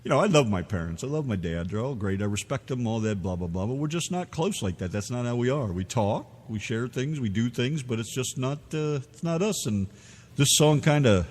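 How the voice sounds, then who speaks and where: Animated, profane radio host man. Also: medium pitch, fairly quick, long reverb tail. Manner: loose, profane, rambling. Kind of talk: casual radio banter.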